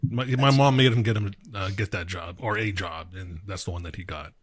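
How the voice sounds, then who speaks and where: A man co-hosting a casual podcast, telling a story in a relaxed way with swearing and laughs. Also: low voice, fairly quick. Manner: laid-back, swears, laughs through stories. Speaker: podcast co-host.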